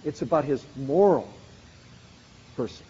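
A man's voice: mid-range voice, expressive, unhurried, dark tone, slight background noise. A man preaching a sermon with an emphatic, repetitive cadence. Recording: muffled recording in a reverberant hall.

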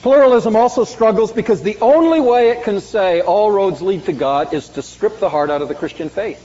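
Emphatic high-voiced male preacher in a reverberant hall. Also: warm tone. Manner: emphatic preaching, dramatic swings in pitch and volume. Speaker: pastor. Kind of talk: sermon. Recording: muffled sound with long hall reverb.

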